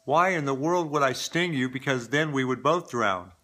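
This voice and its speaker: A man's voice: mid-range voice, normal speed, pushed and bright. A man telling of a sly fable scorpion. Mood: matter-of-fact. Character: sly male scorpion in a fable, blunt about his nature.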